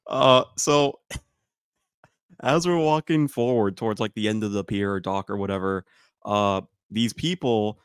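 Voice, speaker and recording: A young man co-hosting a casual comedy podcast tells a story in a laid-back, self-correcting way. His voice sits low. The sound is dry and close to the mic. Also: measured pace, smooth, no room sound. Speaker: podcast co-host.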